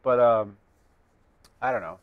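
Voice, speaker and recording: A man's voice: medium pitch, unhurried, smooth, no room sound, phone-quality sound. Rambling, joking man on a podcast. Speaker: podcast co-host. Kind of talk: casual podcast chat.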